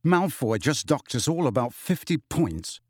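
A man's voice: medium pitch, sing-song, measured pace, darkish tone, breathy edge, no echo, clean studio sound. A man voicing a blunt, curt teenage boy.

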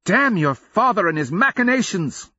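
Empress mother, anxious and volatile, prone to outbursts, put on by a male narrator; husky, lo-fi. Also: fairly low pitch, moderate pace, fairly bright tone, dry recording, pitched above the performer's own voice. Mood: furious. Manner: impassioned, breaking into outbursts.

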